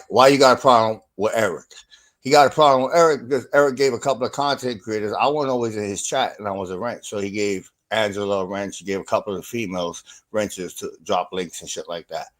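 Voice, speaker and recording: Animated, profane man on a stream. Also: lowish voice, brisk. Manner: animated, profane, laughing rants. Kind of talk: casual livestream chat.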